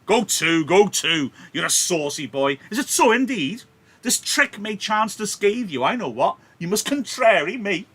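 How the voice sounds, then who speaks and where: A man voicing an angry older party host who shouts down a hotheaded young guest. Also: on the high side, fairly even intonation, measured pace, few pauses, voice pushed up. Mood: angry scolding. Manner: shouting, blustering, bossy.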